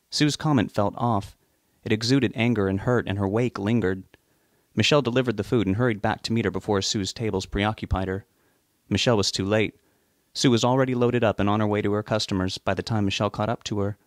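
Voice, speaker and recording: A man narrating a novel in a steady, even audiobook reading. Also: on the low side, no echo, studio quality.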